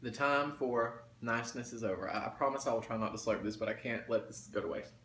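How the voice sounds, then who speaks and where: Eating for his mukbang audience, a man chats quickly in a mid-range voice, folksy and full of talk. The space has a roomy echo, and faint noise lingers in the background.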